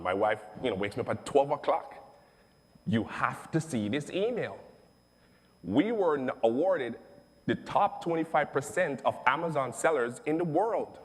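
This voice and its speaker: A middle-aged man tells his story with emphatic, animated energy, often repeating phrases for stress. His voice sits at an ordinary middle pitch for a man. The recording carries a long, echoing reverb. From Jamaica. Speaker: online seller telling his story. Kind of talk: testimonial storytelling.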